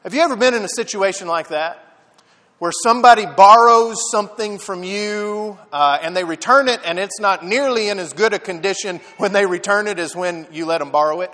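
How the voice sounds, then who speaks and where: A man preaching a sermon, telling the story with lively dramatic emphasis. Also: sits high, brisk, in a large hall. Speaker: pastor.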